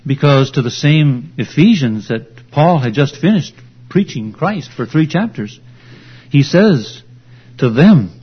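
Slow, emphatic male preacher. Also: on the high side, breathy edge. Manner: slow, emphatic, deliberate teaching. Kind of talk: expository sermon. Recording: dull lo-fi recording.

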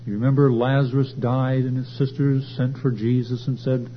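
A man preaching a sermon at a church service, swelling louder and higher as he drives his points home. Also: level tone, moderate pace. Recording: dull lo-fi recording with faint hum.

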